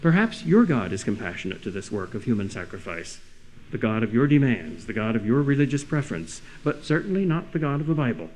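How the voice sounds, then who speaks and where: A man's voice: medium pitch, very animated, fairly quick, darkish tone, a little hiss or hum, rough recording. Earnest man delivering a sermon-like lecture. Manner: earnest, rhetorical questions, rising emphasis. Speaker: speaker.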